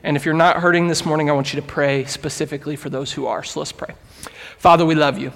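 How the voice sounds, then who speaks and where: A man's voice: a little high, steady tone, quick pace, gravelly, fairly bright tone. A man in his thirties preaching a sermon, praying earnestly and then telling a story in a casual, conversational way. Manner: earnest, conversational, acts out quoted voices. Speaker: pastor. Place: church sanctuary. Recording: long reverb of a large hall.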